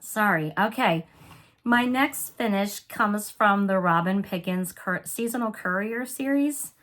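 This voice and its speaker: Young woman showing off her stitching, coughy sore throat, chatty and excited, average pitch. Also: unhurried. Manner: chatty, apologetic, enthusiastic. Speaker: cross-stitch video host. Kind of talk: casual show-and-tell chat.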